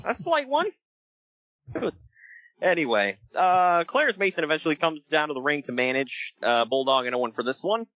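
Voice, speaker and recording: A man co-hosting a casual podcast, recapping events with jokes and quick put-on voices. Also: fairly high pitch, dry recording. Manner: animated, jokey, does quick voices for quotes. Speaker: podcast co-host recapping wrestling. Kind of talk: casual chat. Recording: dull lo-fi sound.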